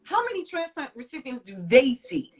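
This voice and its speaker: A woman in her forties, a guest in an interview, telling a personal story in an emphatic way, swinging from loud to soft. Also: high-pitched, big pitch swings, normal speed, husky.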